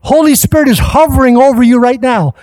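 High-voiced impassioned male preacher. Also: a little fast. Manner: impassioned preaching that rises to shouts. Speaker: pastor. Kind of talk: sermon. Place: church service.

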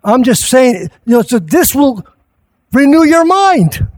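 A male pastor preaching a sermon at a church service, impassioned and rising at times to shouts. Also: very high-pitched, big pitch swings, a little slow.

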